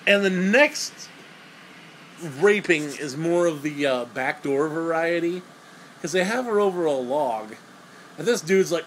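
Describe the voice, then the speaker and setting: A man's voice: fairly high pitch, animated, unhurried, a little hiss or hum, poor audio. A young man giving a crude, sarcastic, rambling comedic movie review.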